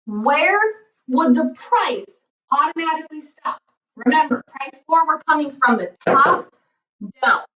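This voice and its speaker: High-voiced, playful woman teacher. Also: expressive, a little slow, bright, forceful tone, roomy sound, far from the mic, lo-fi sound. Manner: playful, jokey, checks in with "okay?". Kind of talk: recorded economics lesson. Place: basement floor at home.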